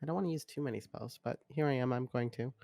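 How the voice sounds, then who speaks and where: A man's voice: medium pitch, quick pace, vocal fry, mellow, no room sound, clean studio sound. A man playing a tabletop game, thinking aloud hesitantly as he plans his turn. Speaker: player. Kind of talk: casual tabletop play.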